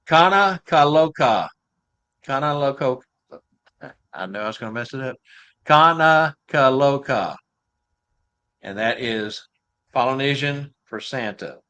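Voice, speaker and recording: A man's voice: mid-range voice, normal speed, fairly bright tone, smooth. Easygoing Texan man hosting a live show. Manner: jokey, laughs at himself, easygoing. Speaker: show host. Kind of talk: casual live show chat.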